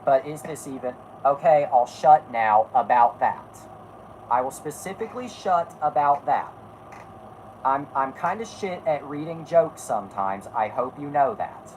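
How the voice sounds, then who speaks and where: Blunt, rambling low-voiced woman. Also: animated, unhurried, a little mellow, a little hiss or hum, poor audio. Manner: blunt, rambling, self-correcting, swears freely. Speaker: podcast host. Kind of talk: casual chat.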